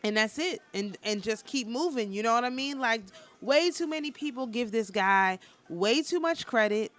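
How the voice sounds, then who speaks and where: A woman's voice: a little high, normal speed. Nonchalant woman giving a spiritual talk. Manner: calm, nonchalant and matter-of-fact, with a passionate undertone; rambling, with frequent restarts. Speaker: spiritual teacher and tarot reader.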